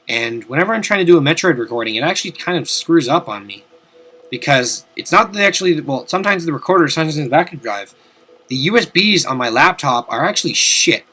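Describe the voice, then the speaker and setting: Young male gamer, bright voice, rambling casual commentary with loud swearing outbursts. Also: a little high. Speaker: let's play commentator. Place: home room at his desk.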